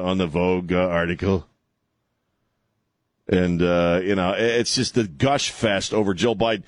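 A man's voice: deep voice, fairly even intonation, moderate pace, no echo. A man hosting an opinionated political talk show, sarcastic and mocking, rambling with many fillers.

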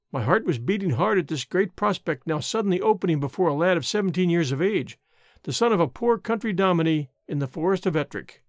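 A man narrating an audiobook in a measured, formal storytelling manner. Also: high-pitched, animated, no echo, studio quality.

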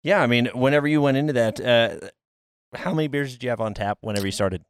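A man's voice: mid-range voice, fast talker, clean tone, dry recording, studio quality. A man hosting a podcast, chatting casually and rambling with lots of fillers. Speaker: podcast host. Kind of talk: casual chat.

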